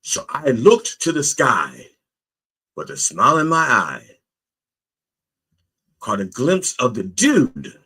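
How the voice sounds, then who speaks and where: A man's voice: medium pitch, wildly swooping pitch, takes it slowly, long pauses, pushed and bright, breathy edge, pitched above the performer's own voice, full character voice. A man voicing a desperate shipwrecked man who pleads with God, in a raised, strained voice. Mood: storytelling. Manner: pleading, then singing joyfully.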